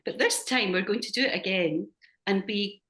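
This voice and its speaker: A woman with a Scottish accent, guiding a group exercise as facilitator over a video call, giving gentle, measured instructions. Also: medium pitch. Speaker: workshop facilitator.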